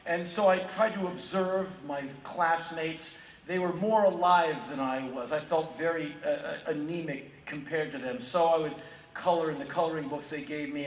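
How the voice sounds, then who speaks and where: A man in his fifties from the United States giving a keynote talk, telling personal stories in an animated way and acting out other people's voices. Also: fairly high pitch, slight background noise. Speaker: keynote speaker. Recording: echoey hall from far off, dull lo-fi sound with faint ambience.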